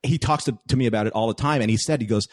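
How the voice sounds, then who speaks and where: A man, a guest on a podcast, telling stories in casual chat with animated delivery. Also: mid-range voice, racing, no room sound, clean studio sound. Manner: animated storytelling.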